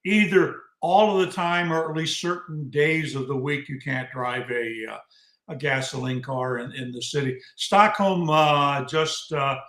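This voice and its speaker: A German-born man co-hosting a relaxed chat in a fairly high voice. He is friendly and explains things in rambling restarts. His voice sounds echoey, as if in a bare room. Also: unhurried. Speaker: co-host. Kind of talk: casual chat.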